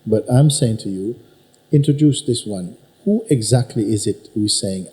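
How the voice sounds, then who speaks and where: A man teaching at a spiritual gathering, unhurried and emphatic, probing his listener with repeated questions. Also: fairly low pitch, dark tone, low-quality recording. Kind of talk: satsang teaching talk. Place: teaching hall with an audience.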